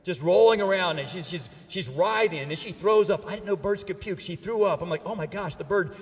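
A middle-aged man preaching to a church crowd, his voice pitched high for a man and full of playful banter. He swings from loud, joking calls to hushed, earnest lines. The sound is dull and carries a long echo from the big hall. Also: fairly quick. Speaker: pastor. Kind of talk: sermon. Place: church auditorium with a live audience.

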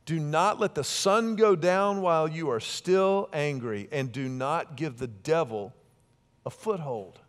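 Middle-aged guy preaching, chatty asides, kinda high voice. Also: measured pace. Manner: conversational preaching with warm asides and dynamic swings from loud to soft. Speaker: pastor. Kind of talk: sermon.

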